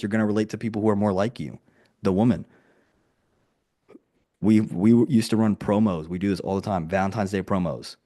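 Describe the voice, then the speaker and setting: A man's voice: fairly low pitch, warm tone. A man coaching a group video call, talking casually with lots of "like" and acted-out quotes. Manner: casual and conversational, full of "like" and quoted dialogue.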